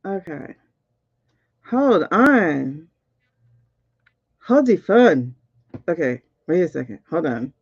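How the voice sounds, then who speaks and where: A woman hosting a casual spiritual reading, excitable and talking straight to her viewers. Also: fairly low pitch, slow, long pauses, husky, no room sound, dull audio. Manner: excitable, keeps repeating "hold on". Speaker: spiritual reader and host. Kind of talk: casual livestream card reading.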